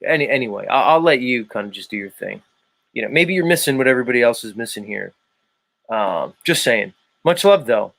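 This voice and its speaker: A man with a South Philadelphia accent hosting a live stream, chatting casually with viewers in a playful way, swinging his pitch and volume and drawing out words. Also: lively intonation, a little fast, creaky, a bit bright. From United States. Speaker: live show host.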